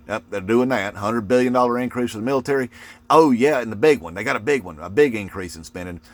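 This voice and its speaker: Folksy mocking man ranting. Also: lowish voice. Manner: folksy, mocking, full of "uh" fillers. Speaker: political video commentator. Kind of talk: casual rant to camera.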